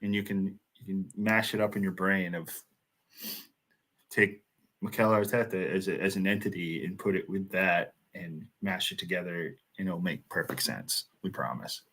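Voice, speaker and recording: American man, very low voice, casual watchalong banter, frequent laughs. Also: moderate pace, fairly bright tone, breathy edge. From United States. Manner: laughs often, loose rambling banter. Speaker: watchalong co-host. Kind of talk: casual match commentary chat.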